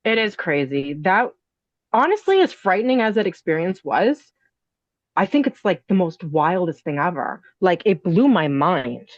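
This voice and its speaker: A woman's voice: fairly low pitch, very animated, normal speed, no echo. A woman, an inn owner and podcast guest, telling a personal ghost story in a breathless, rambling way full of "like" and "you know". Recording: dull, dry lo-fi audio.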